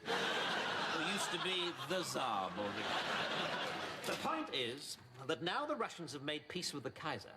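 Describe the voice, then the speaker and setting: A sneering army captain. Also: male voice, on the high side, wildly swooping pitch, normal speed. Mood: scornful. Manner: dry, withering, sarcastic. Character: sardonic cynical male army captain, scornful wit. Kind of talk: sitcom acting. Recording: noisy TV audio with studio laughter.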